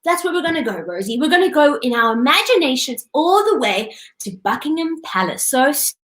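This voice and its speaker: A woman's voice: sits high, very animated, brisk, fairly bright tone, echoey room. A young woman hosting a children's show, talking in a patient, upbeat and coaxing way with a few restarts.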